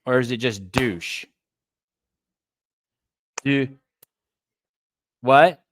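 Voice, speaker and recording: A man's voice: mid-range voice, normal speed, fairly bright tone. A man hosting a podcast in a casual livestream chat, riffing in a rambling, profane way with stammered restarts. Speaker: podcast host.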